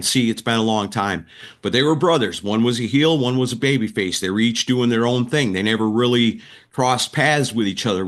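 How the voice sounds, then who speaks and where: A man's voice: mid-range voice, fairly bright tone. A man, a wrestling announcer and writer, vividly retelling stories as a guest in an interview, acting out the quotes. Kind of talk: animated storytelling in a podcast interview.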